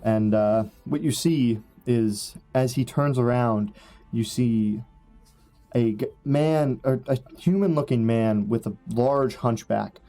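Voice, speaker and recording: A man's voice: medium pitch, takes it slowly, dark tone, faint music behind. A man narrating a tabletop game as game master, rambling with many fillers.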